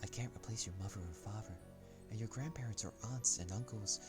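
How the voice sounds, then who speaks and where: Man reading as a caring friend, gentle and worried, low voice, soft earnest tone, faint music behind. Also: fairly quick, natural voice. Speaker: visual novel character. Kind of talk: reading game dialogue aloud.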